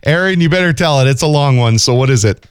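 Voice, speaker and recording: A man's voice: mid-range voice, lively intonation, fast talker, clean tone. A man co-hosting a comedy show, introducing segments and teasing his co-hosts in a playful way. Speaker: co-host.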